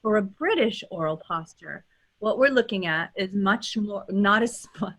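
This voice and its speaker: A woman with a Californian accent, teaching as a dialect coach and demonstrating sounds in a lively way, often checking in with "right?". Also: medium pitch, normal speed. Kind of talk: teaching pronunciation in a workshop.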